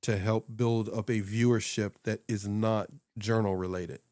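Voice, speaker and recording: Low-voiced man in animated casual chat. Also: unhurried, dry recording, studio quality. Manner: rambling and animated, laughing often and acting out quoted voices. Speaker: podcast co-host and social media coach. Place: small home studio upstairs.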